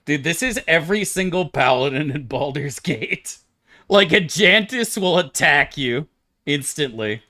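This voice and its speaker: A man streaming a video game, talking in a casual, animated, profane way and laughing often. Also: on the high side, a little slow.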